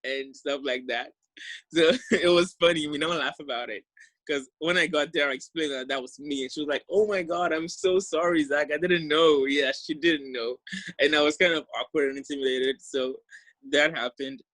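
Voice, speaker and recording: A man's voice: mid-range voice, fairly even intonation, moderate pace, pushed and bright, no echo. A young man from Ghana with a Ghanaian accent, casually telling a story from his exchange year and laughing easily. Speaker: exchange program alumnus.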